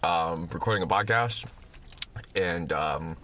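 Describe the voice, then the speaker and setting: A man co-hosting a casual late-night podcast from a parked car, animated and loud, laughing often. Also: low voice, takes it slowly, slight background noise. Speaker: podcast co-host.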